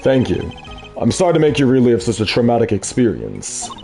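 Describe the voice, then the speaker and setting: A man playing a calm, courteous male defense attorney who speaks in a polite, measured, formal way. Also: mid-range voice, creaky, soft background music. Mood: composed.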